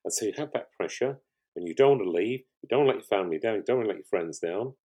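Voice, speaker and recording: Older guy chatting on a podcast, really deep husky voice, rambles and restarts a lot. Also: animated, very fast. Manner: rambling, warm storytelling with frequent restarts. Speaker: guest, pottery show finalist. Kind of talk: conversational podcast interview.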